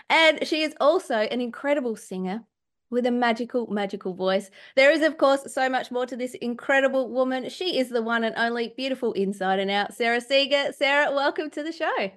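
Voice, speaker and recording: An Australian podcast host chats casually, bubbly and effusive, laughing often. Her voice is a little high and fairly bright, and she speaks fairly quickly.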